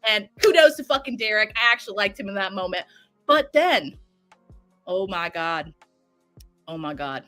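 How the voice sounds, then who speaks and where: A woman recapping a show in an excitable, profane way, acting out each character's lines. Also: medium pitch, normal speed, pauses often, no echo, soft background music. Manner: profane, excitable, acts out quotes. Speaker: podcast guest. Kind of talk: animated recap storytelling.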